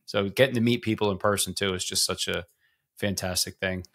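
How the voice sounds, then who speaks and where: Rambling, animated podcast co-host man. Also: low-pitched, a little fast. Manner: animated, rambling, self-deprecating, many fillers. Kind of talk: casual group chat.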